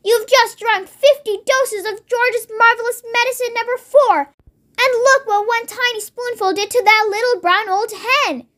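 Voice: very high voice, unhurried, bright, forceful tone, pitched above the performer's own voice, full character voice. A child reading aloud and voicing a frantic mother who shrieks and wails in panic. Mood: panicky. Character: frantic fussing mother, woman in her forties.

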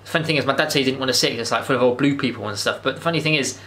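Guy vlogging, gushing and rambling, talks fast, bright tense tone. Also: mid-range voice, a little hiss or hum. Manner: rambling and enthusiastic, with frequent restarts and swearing. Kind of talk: casual movie review monologue.

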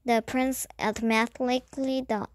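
A woman reading a children's chapter book aloud in a slow, careful way. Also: on the high side, level tone. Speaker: storybook reader.

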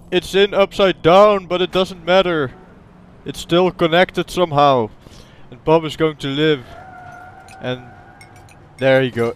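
Excitable young man yelling at a game. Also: fairly high pitch, slow, long pauses, clean tone. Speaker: gaming video creator. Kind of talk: casual gameplay commentary.

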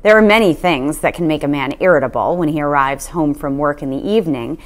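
Expressive woman reading a storybook. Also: low-pitched. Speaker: storybook reader. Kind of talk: reading a children's novel aloud.

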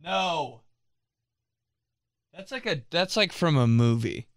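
Young man, casual comedic rant, exasperated, smooth clear voice, dead dry sound. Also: a little high, very animated, moderate pace, no echo. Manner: exasperated, mock-outraged, swearing, laughing a lot. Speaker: vlogger reading viewer messages.

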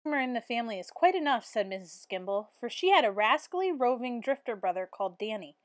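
A woman reading a children's picture book aloud in a steady, expressive way. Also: fairly high pitch, dry recording, clean studio sound. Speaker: teacher.

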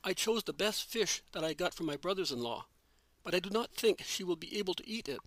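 An anxious male fisherman stammers and hesitates, as a male reader voices him. His voice is a little high, and the recording is dry and close with no echo. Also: expressive, fairly quick, fairly bright tone. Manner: nervous, stammering.

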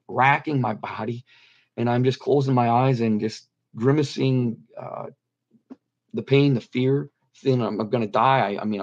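Earnest middle-aged man, mid-pitched, slightly muffled interview audio, repeats himself for emphasis. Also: a little mellow. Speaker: guest telling his near-death story. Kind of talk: personal testimony in an interview.

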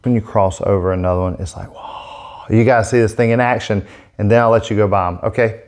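A man hosting a casual product demo vlog, talking in an excitable, gushing way into a set-up microphone. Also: lowish voice, brisk. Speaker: airbrush artist demonstrating markers.

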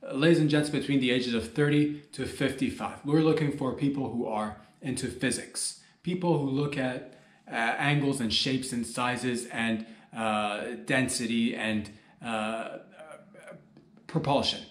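Man, comedy podcast host, loose rambling jokey delivery, mid-pitched, roomy echo. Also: fairly even intonation, a little slow. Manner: rambling, jokey, talks straight to listeners. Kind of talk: rambling solo comedy monologue.

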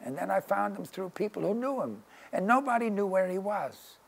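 Sitting for an interview in his studio, this elderly painter drifts through loose, anecdotal stories, leaning often on "you know" and "you see." He speaks at a moderate pace in a high, sing-song voice that is creaky with a breathy edge.

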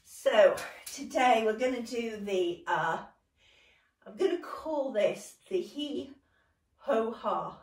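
Encouraging British woman leading gentle exercises. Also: on the high side, expressive, slow. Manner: warm, encouraging, laughs often. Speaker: dance and movement workshop leader. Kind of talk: gentle guided exercise session. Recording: echoey room, voice from a distance.

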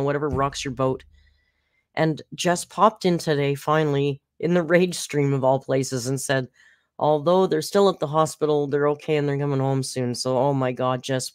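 A casual live streamer chats away to viewers in an easy, unscripted way. They talk straight to the chat and narrate what they are doing as they go. The voice sits at an ordinary middle pitch. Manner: chatty, talks straight to the chat, narrates own actions aloud.

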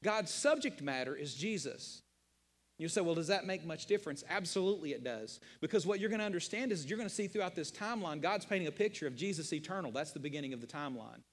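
An emphatic male pastor preaching with repetition and rhetorical questions, his voice sitting somewhat high for a man. The sound rings with a long reverb from the church hall around him. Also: animated, fast. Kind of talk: sermon. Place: church sanctuary.

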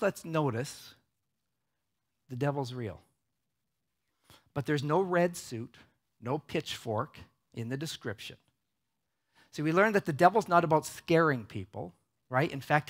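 A male pastor delivering a conversational sermon in a cinema auditorium, often checking in with the audience with a quick "right?". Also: a little high, expressive, a bit bright.

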